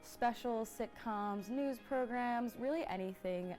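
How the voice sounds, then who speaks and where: A woman's voice: fairly high pitch, a little slow, a little mellow, faint music behind. A young woman enthusiastically explaining the programs of a student TV channel. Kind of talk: interview about the channel.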